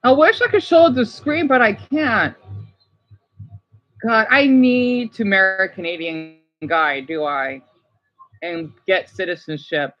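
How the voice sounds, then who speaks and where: An excitable woman from the United States hosting a casual livestream, gushing as she reacts and often apologizing. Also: medium pitch, slow pace, lo-fi sound. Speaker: livestream host.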